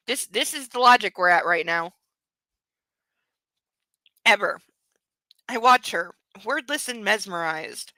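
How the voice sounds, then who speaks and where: A woman's voice: fairly high pitch, measured pace, pauses often, bright, forceful tone, no echo, poor audio. A woman hosting a book club, reading a novel aloud and breaking off with mocking, laughing commentary. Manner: mocking asides between read passages; laughs often.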